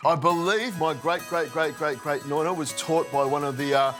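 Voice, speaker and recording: A man's voice: a little high, moderate pace, fairly bright tone, soft background music. A middle-aged man, a chef hosting a cooking demonstration, chatty and playful as he explains each step. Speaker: chef host.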